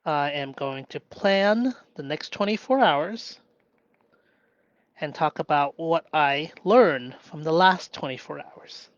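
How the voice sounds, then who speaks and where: A man in a reflective solo live stream who thinks aloud with pauses and restarts, then breaks into bursts of excited cheering. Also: fairly high pitch, no room sound, dull audio. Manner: slow and musing, with sudden bursts of excited cheering.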